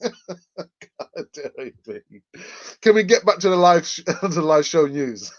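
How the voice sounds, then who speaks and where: A man's voice: on the high side, a little mellow. Jokey man hosting a live stream. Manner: jokey, laughs often, reads out viewer comments. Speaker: host of a live fan channel. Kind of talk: casual live-stream chat. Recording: dull lo-fi microphone sound.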